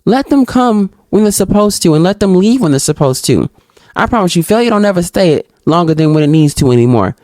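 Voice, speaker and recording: A woman hosting a solo podcast, reading out reflection questions and answering them in an animated, outspoken way, talking straight to her listeners and acting out little exchanges. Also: fairly quick, dry recording. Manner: acts out little dialogues in higher voices. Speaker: podcast host.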